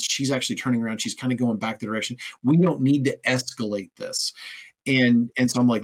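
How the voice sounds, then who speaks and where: Husky-voiced man telling stories. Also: mid-range voice, steady tone, a little fast, poor audio. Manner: storytelling, conversational, acts out quoted speech. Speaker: host. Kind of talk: casual interview chat.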